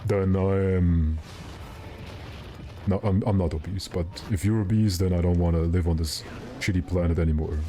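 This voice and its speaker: A man's voice: low voice, steady tone, moderate pace, mellow, a little hiss or hum. A young man streaming a game, chatting casually and rambling with his viewers while he plays. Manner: rambling, joking, answers chat.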